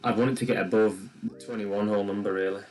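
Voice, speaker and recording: A man's voice: fairly low pitch, steady tone, fast, low-quality recording. A man co-hosting a live trading stream, talking through his chart levels in loose, teasing chat. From England. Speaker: forex live stream co-host. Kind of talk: casual chat while trading. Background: soft music.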